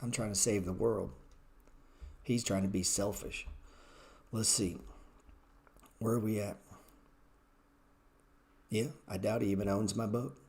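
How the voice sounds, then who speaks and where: A man's voice: lowish voice, steady tone, unhurried, gravelly, pauses often, darkish tone. A man hosting a live-streamed trading class, blunt and profane, ranting at his chat between chart walkthroughs. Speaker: trading educator.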